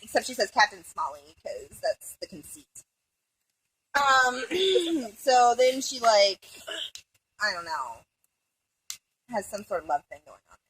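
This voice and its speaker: A woman with a bright, slightly husky voice gives a rambling, casual recap of a film. She swears freely, giggles, and keeps wandering off into asides. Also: fairly high pitch, big pitch swings, slow, long pauses, rough recording. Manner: rambling, profane, giggly, jumps between asides.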